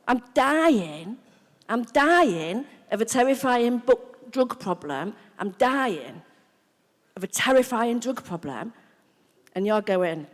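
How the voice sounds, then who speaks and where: A middle-aged woman from the UK, giving a frank, animated recovery testimony as main speaker, laughing, swearing and acting out what people said. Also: fairly high pitch, slow. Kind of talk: personal recovery testimony told as a story. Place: convention hall. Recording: live talk in a reverberant hall.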